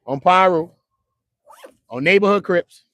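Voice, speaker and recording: A man streaming trial updates from outside a courthouse, joking in loose street talk that swings from loud to muttered. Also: high-pitched, unhurried, dry recording. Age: adult, at least 55. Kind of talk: casual live-stream chat. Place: outdoors near a courthouse.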